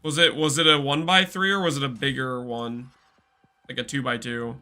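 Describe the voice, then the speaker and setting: A man's voice: mid-range voice, fairly even intonation, normal speed, bright, forceful tone. A man streaming a game live, chatting casually and reading out and answering viewer messages. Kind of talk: casual live-stream commentary while gaming.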